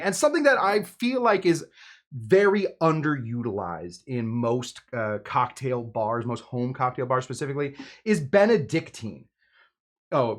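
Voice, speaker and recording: A man hosting a casual home cocktail video, rambling and joking with many fillers as he talks. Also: medium pitch. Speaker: home bartender host. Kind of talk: casual cocktail-making video with live chat.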